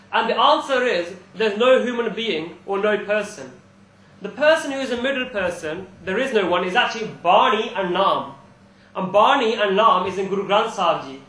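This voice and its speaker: A young man giving a relaxed, informal talk to a student audience, telling personal stories and chuckling as he goes. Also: high voice. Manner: chatty storytelling, with frequent restarts and chuckles. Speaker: invited speaker at a student society talk. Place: university lecture room. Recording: echoey room, live talk recording.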